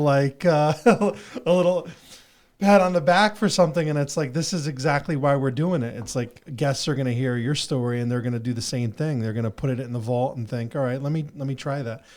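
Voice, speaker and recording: A man's voice: medium pitch, fairly even intonation, a little fast, darkish tone. A man hosting a podcast, talking in an earnest, rambling way with many fillers. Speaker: podcast host. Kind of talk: reflective casual conversation.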